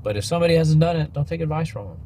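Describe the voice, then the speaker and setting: A man's voice: a little high, lively intonation, rapid-fire, warm tone, slight background noise. Blunt, emphatic podcast host man. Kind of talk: casual motivational rant.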